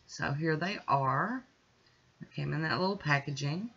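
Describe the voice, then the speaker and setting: A woman hosting her own nail art channel, narrating a tutorial in a chatty, relaxed way as she works step by step. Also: on the low side, normal speed, slightly rough, muffled recording.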